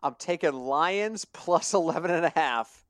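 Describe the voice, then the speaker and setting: A man's voice: on the high side, animated, unhurried, fairly bright tone, dry recording, studio quality. A man co-hosting a casual sports betting podcast, telling stories animatedly and laughing at his own jokes. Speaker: podcast co-host.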